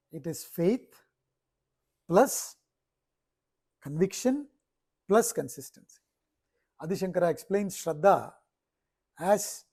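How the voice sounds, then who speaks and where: Spiritual teacher, male, raised pitch, tells stories and keeps asking if listeners follow. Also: warm tone. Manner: storytelling, checks in with listeners often. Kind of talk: explaining scripture in a talk.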